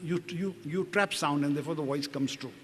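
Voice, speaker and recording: A man's voice: a little high, fairly quick, slightly rough. An older man with an Indian accent, a doctor recounting his own experiences, hesitant and repeating words with apologetic asides. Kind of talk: personal testimony talk. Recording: reverberant hall, faint background noise.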